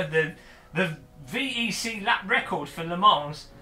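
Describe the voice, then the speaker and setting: A man's voice: high-pitched, animated, slow, pushed and bright, faint music behind. A man on a casual livestream, joking, swearing and mocking himself while setting up gear. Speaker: streamer.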